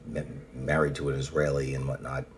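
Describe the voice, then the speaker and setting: A man with an extremely deep, low-pitched voice speaks in a loose personal monologue. He rambles and restarts his sentences, swearing bluntly as he goes. A faint background hiss sits under the voice. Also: flat delivery, brisk. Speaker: vlogger.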